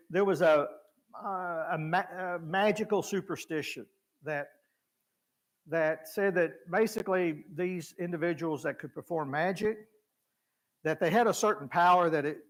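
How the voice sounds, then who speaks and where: A man preaching in a church, teaching conversationally and acting out the voices of people in the story. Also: on the high side. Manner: acts out biblical voices with lively shifts, chuckles. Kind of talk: conversational Bible class teaching.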